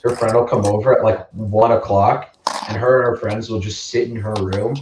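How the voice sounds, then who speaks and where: A man's voice: lowish voice, steady tone, moderate pace. A man co-hosting a casual podcast, telling stories in a rambling, profane way full of "like". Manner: rambling, profane storytelling with lots of "like". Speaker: podcast co-host. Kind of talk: casual chat. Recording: echoey room, distant mic, faint noise.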